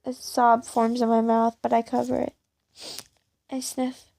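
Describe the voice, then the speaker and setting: A woman narrates a first-person fan story in a plain, slow reading voice. Her tone is gravelly and dark, a little high. The sound is dry and close. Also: monotone, no echo. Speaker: reader of fan fiction.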